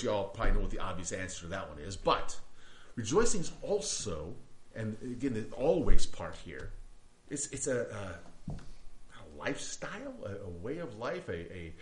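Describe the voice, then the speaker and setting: Animated pastor in an echoey room. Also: male voice, mid-range voice. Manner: conversational with many restarts and rhetorical questions. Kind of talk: sermon.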